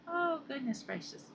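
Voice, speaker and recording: This crochet vlogger's voice sits high and sounds creaky, with background noise behind it. She's a middle-aged Southern woman with an accent from the American South, rambling casually to viewers and laughing a lot.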